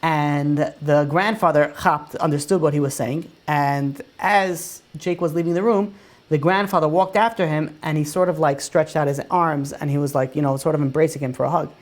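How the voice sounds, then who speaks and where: A man's voice: a little high, steady tone, normal speed. A man, a rabbi, telling a story in a casual way, full of "you know" and "like" fillers. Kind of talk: oral storytelling.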